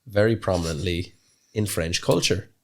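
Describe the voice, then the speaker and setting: A man's voice: low voice, moderate pace, a bit bright. A man with an Irish accent co-hosting a podcast in casual, jokey banter, laughing often and drifting into asides. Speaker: podcast co-host.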